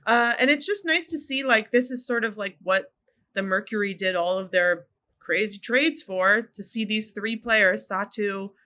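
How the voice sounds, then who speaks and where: Bright-voiced joking woman co-host. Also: medium pitch, unhurried. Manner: playful, jokey, echoes her co-host. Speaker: podcast co-host. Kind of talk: casual sports chat.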